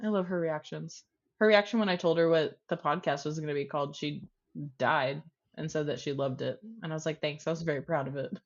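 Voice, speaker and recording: A woman's voice: sits low, brisk. Chatty woman co-host, muffled sound. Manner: chatty, acts out quotes, says "like" often. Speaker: podcast co-host. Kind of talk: casual storytelling chat.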